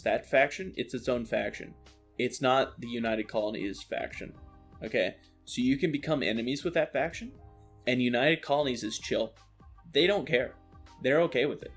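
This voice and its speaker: A man ranting about a video game, animated, exasperated and full of swearing. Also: mid-range voice. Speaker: streamer. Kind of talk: ranting gameplay commentary. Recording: faint lo-fi music underneath.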